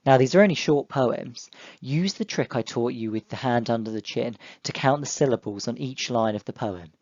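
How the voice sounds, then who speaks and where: A young male teacher giving an online lesson to children, explaining step by step in a clear, encouraging way. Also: mid-range voice, moderate pace, a little mellow, no room sound, muffled recording. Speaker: primary school teacher.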